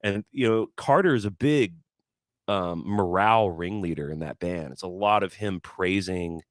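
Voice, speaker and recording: A man in a casual podcast chat, telling stories as a guest musician, animated and stumbling over repeated words as he talks. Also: low-pitched, moderate pace, no echo, studio quality.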